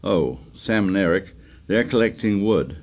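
A man voicing an anxious, stubborn schoolboy who speaks in a shrill, insistent, pleading way. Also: animated, unhurried.

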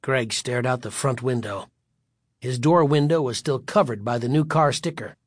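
A man narrating a chapter of a story in an even storytelling voice. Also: medium pitch, moderate pace, no echo, clean studio sound. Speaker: audiobook narrator. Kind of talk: scripted narration.

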